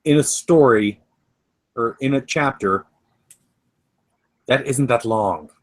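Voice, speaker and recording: A young man co-hosting a comedy fanfiction reading, reading along in a dry, deadpan way. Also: mid-range voice, slow pace. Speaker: co-host reading fanfiction aloud.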